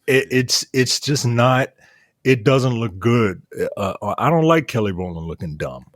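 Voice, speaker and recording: Blunt, expressive man, dry close sound. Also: medium pitch, measured pace, dry recording. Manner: blunt, profane, emphatic. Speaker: podcast co-host. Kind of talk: casual movie review chat.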